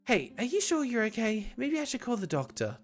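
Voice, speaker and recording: A woman voicing a kindly young woman babysitter in a game, gentle and soothing. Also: fairly high pitch, very animated, fairly quick, faint music behind. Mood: caring.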